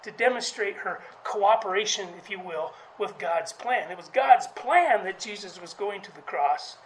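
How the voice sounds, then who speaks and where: On poor audio with a faint hiss or hum, an animated preacher gives a sermon in a conversational style. He often restarts words, halting as he goes, and voices quotes at a higher pitch.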